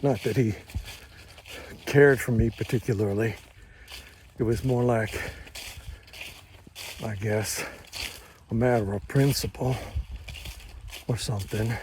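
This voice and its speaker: An older man telling a first-person story in a slow, measured, plainspoken and folksy way. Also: medium pitch, fairly even intonation, a little mellow, a little hiss or hum.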